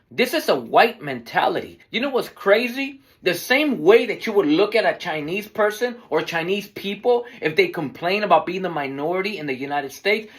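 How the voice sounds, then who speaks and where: A man's voice: sits high, fairly bright tone. A man hosting his own podcast, delivering an argumentative commentary monologue full of rhetorical questions. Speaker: podcast host.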